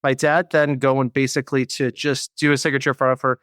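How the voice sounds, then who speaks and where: A man's voice: mid-range voice, little pitch movement, brisk, fairly bright tone, dry recording, studio quality. A man telling a story in casual podcast chat, rambling and laughing between phrases. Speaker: podcast guest.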